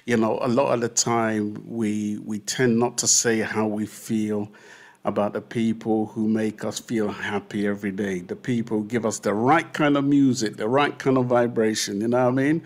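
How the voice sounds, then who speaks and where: A man's voice: lowish voice, steady tone, normal speed. A man hosting a radio podcast, talking in an effusive, casual way and often repeating his words. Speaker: podcast host.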